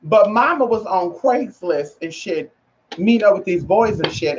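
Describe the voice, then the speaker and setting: Talking to camera in a relaxed vlog, this woman has a fairly low-pitched voice, with background noise in a muffled, lo-fi recording. Her style is sassy and full of slang: she repeats phrases to drive them home and addresses listeners as "girl" and "honey."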